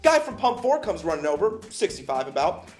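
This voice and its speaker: A young man co-hosting a casual podcast, telling animated stories and putting on voices for the people in them. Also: a little fast, faint music behind. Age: young adult. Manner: animated storyteller, acting out people in high voices. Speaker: podcast co-host. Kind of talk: casual chat. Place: vape shop area in Florida.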